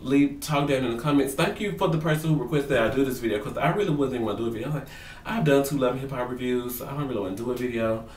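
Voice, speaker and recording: Animated, profane man gossiping to camera. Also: medium pitch, racing, distant mic, slight background noise. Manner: animated, profane, slangy, acts out quotes in voices. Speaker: vlogger reviewing a reality show. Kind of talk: casual gossip commentary to camera. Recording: roomy sound, away from the mic.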